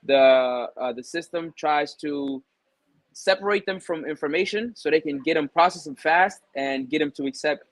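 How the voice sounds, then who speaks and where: A young adult man, a barber being interviewed, telling stories in a relaxed way with lots of fillers and retold dialogue. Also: fairly high pitch, moderate pace, dry recording, low-quality recording. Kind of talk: casual interview conversation.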